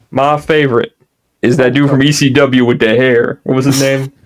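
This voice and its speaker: A man's voice: mid-range voice, little pitch movement, measured pace. A man in casual chat on a podcast, brash and profane, joking around.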